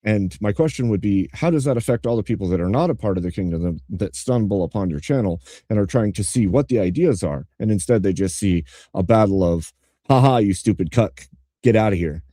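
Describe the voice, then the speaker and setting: A man's voice: lowish voice, animated, a little fast, hardly any pauses, dark tone, no echo, clean studio sound. A man hosting a live-stream debate, asking pointed, probing questions. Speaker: host.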